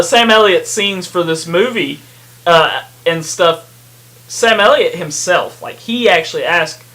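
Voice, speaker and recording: Lively bright-voiced man chatting movies. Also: high-pitched. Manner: rambling, laughs often, many fillers. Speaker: podcast co-host. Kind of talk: casual movie chat.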